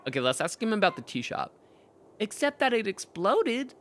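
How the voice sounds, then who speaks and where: Playful streamer with a very lively voice. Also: mid-range voice, normal speed. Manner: playful, laughs often, reads dialogue aloud. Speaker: streamer playing a role-playing game. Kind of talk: casual gameplay commentary, voicing characters.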